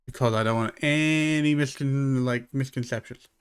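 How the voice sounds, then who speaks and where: A man telling a rambling story during a live game stream, full of fillers, restarts and excitable asides. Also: medium pitch, normal speed, clean tone. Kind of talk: casual live-stream chat.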